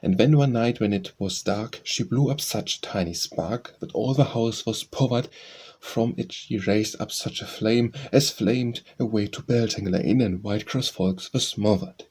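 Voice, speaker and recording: A man's voice: on the low side, a little slow, a little mellow, slightly rough. A man reading nursery rhymes aloud as an audiobook, in a sing-song, rhythmic recitation. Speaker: audiobook reader.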